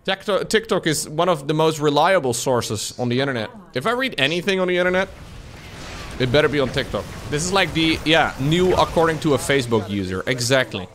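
A man's voice: a little high, expressive, a little fast, fairly bright tone. A man from the Netherlands, a streamer joking sarcastically with his chat. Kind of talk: casual chat with viewers.

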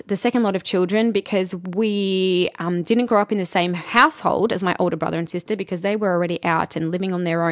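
A woman in her thirties, a spiritual intuitive hosting a personal podcast, speaking gently and reflectively with many pauses and fillers. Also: mid-range voice, no echo, studio quality.

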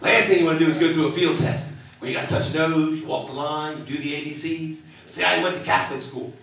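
A middle-aged man doing live stand-up comedy on a theater stage, loud and punchy, talking with the audience. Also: fairly high pitch, steady tone, fast talker, creaky, very echoey, recorded from a distance. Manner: loud, punchy, crowd-working.

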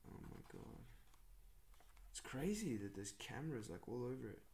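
A young man unboxing gear for his vlog, gushing with excitement and often dropping to a hushed whisper. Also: mid-range voice, moderate pace, creaky, slight background noise. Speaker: vlogger.

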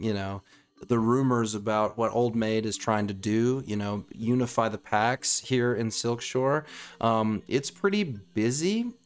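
Rambling low-voiced man narrating. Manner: rambling, full of ums. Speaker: game master. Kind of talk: narrating a tabletop game.

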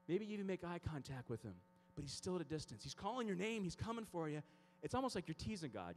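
A man speaking at a youth conference, telling comic stories and acting out scenes in an animated way. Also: sits high, quick pace, hardly any pauses.

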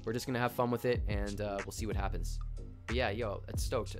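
A young man from Canada hosting a live stream, chatting excitedly in slang and greeting viewers by name. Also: fairly low pitch, a little fast, faint music behind. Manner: hyped, slangy, shouts out chat viewers by name. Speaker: livestream host. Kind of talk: casual live stream chat.

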